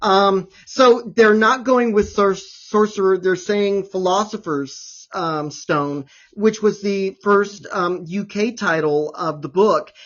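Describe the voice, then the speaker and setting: A man's voice: high voice, slow pace, few pauses, fairly bright tone, lo-fi sound. A man hosting a casual chat show, talking with gushing enthusiasm. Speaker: host.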